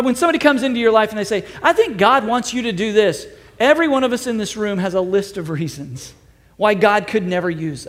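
A man preaching as a pastor to his church, upbeat and conversational with self-deprecating humor. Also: extremely high pitch. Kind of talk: sermon. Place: church auditorium. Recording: long hall reverb.

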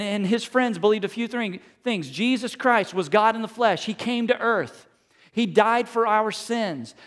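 A middle-aged man preaching a sermon, asking rhetorical questions and acting out quotes. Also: sits high. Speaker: pastor.

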